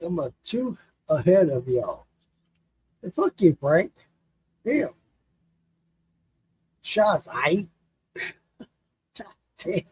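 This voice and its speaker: The host of a casual drinking chat has a high voice, drawing out his words and pausing often, with a slightly rough sound on poor audio. He tells stories animatedly, cursing and laughing along the way.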